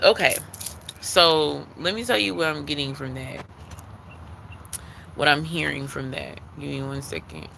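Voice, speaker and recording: Man, live tarot card reading, fairly high-pitched voice, gravelly, earnest and repetitive. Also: lively intonation, a little slow, pauses often, pushed and bright, a little hiss or hum, rough recording. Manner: earnest, repetitive, preacher-like emphasis.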